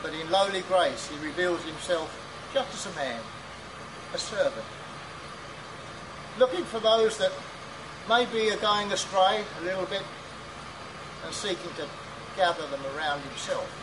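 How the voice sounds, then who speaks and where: Man giving a sermon, high voice, stops and starts a lot, noisy hall recording. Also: lively intonation. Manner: halting, with fillers and restarts. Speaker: preacher. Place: conference hall.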